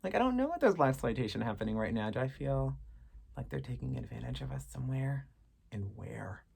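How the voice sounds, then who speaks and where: A woman's voice: rumbling low, animated, a little fast, vocal fry, darkish tone, slightly rough. A woman in her thirties chatting to camera as she answers fan questions, candid and sassy, swearing freely. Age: 30s. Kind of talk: casual chat to camera.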